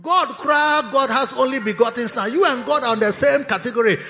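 A bishop and pastor delivers a sermon in a cathedral sanctuary, his extremely high, bright, forceful voice moving briskly. He teases and scolds the congregation, breaking into laughter mid-sentence. Faint music sits under a dull lo-fi recording with hall echo.

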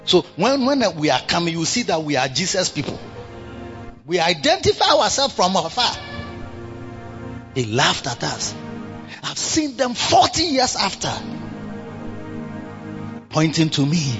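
A man's voice: high-pitched, huge pitch swings, a little slow, long pauses. A man, preaching a sermon with sing-song calls and exclamations. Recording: dull lo-fi recording with faint music.

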